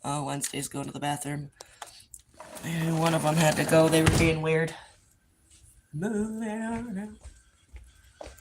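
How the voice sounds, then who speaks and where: A woman's voice: low voice, little pitch movement, moderate pace, background noise. Profane woman streaming from her yard. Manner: loose and profane, coaxing her dogs. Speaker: livestream host. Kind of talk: casual livestream chat. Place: outdoor yard by a pool.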